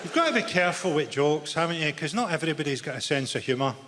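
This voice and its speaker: A man from Glasgow with a Glaswegian Scottish accent, delivering a stand-up comedy set in dry, deadpan one-liners. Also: a little high, quick pace. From Glasgow, Scotland. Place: large theatre stage. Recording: reverberant theatre hall with audience noise.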